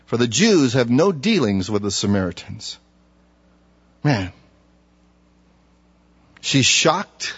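Husky, animated male preacher. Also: a little high. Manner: animated, conversational, emphatic rhetorical questions. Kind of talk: expository sermon. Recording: dull lo-fi recording.

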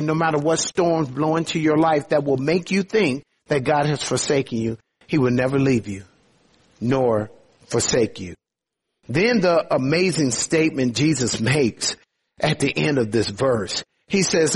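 A man preaching a sermon, his voice sitting somewhat high for a man and carrying a husky grain. He is earnest, slowing down on key phrases and building in fervor as he presses his point. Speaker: pastor.

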